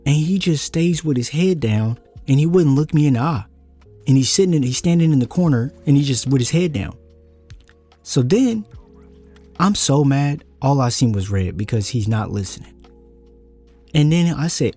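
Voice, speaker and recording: A young man telling a personal story casually, his voice jumping high when he gets worked up. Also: normal speed, husky, soft background music. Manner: animated, voice jumps high when angry.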